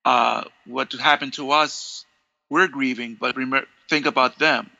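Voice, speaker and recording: A man talks as an interview guest, with a gravelly, strongly bright voice. He tells his stories in an animated way and acts out each line of dialogue himself. The sound is dry and a little dull. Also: medium pitch, measured pace, dry recording. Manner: animated, acts out quoted dialogue, many restarts. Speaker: interview guest, longtime fan. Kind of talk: conversational storytelling.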